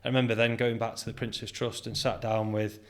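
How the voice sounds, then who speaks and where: A British man in his forties, a podcast guest and business founder, telling lively anecdotes in a casual interview, acting out quoted dialogue and laughing often. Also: medium pitch, a little fast.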